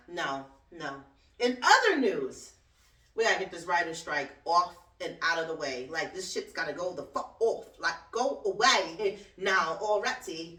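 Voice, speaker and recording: Sassy, profane woman with a bright voice. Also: fairly low pitch. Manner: blunt, profane, sassy, laughs often. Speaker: podcast host and cleaning business owner. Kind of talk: casual solo talk-show rant. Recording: roomy echo, distant from the mic.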